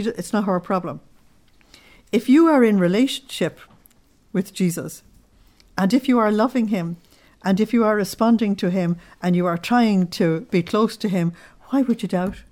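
A woman religious teacher giving a spoken sermon in an earnest, unhurried way, weaving in personal stories. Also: medium pitch, darkish tone.

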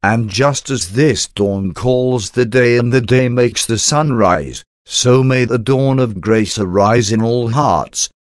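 A man's voice: medium pitch, slow pace, few pauses, no room sound, clean studio sound. A man reading a devotional meditation aloud as a solemn, intimate prayer addressed to Jesus. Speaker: devotional reader.

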